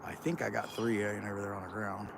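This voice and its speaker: A man's voice: lowish voice, flat delivery, quick pace, gravelly, noisy background. A man from Central Ohio with a Kentucky accent, chatting casually and rambling on a live stream while out in farm fields. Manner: rambling, self-described lazy drawl. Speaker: livestream host.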